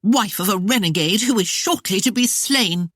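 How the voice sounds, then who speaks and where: A narrator putting on a shrill, scheming young woman. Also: very animated, unhurried, a bit bright, slightly rough, no room sound, clean studio sound, heavily acted. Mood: spiteful. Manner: shrill, snapping and indignant. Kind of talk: audiobook character voice.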